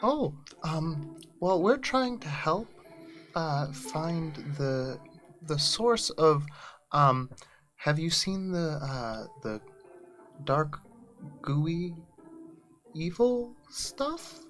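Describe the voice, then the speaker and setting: A woman's voice: low-pitched, animated, extremely slow, long pauses, soft background music. A woman playing her character in a tabletop game, talking politely and hesitantly with many "um"s. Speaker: player. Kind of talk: in-character tabletop role-play.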